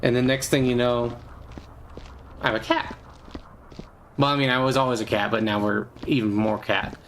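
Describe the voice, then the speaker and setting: Man, casual stream chatter, rambling, playful, mid-pitched, faint hiss behind. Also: level tone, normal speed, a bit bright, rough recording. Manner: rambling and playful, many fillers, bursts into squeaky silly voices. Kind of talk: casual gaming stream chat.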